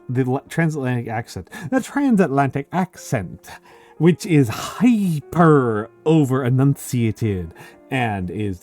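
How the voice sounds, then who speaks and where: A man's voice: medium pitch, dark tone. A man hosting a casual group chat on a stream, explaining things in a rambling, lecture-like way with jokey asides. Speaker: streamer and host.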